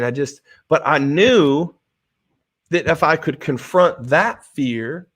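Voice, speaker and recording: A middle-aged man giving a motivational talk, telling a personal story in an animated, emotional way and often restarting his phrases. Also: mid-range voice. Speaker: motivational speaker and author.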